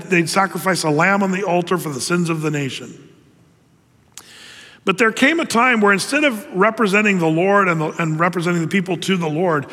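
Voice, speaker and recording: A man preaching a sermon as pastor, talking casually and telling stories with lively voiced asides. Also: high-pitched, big-room sound. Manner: conversational, animated storytelling with voiced asides.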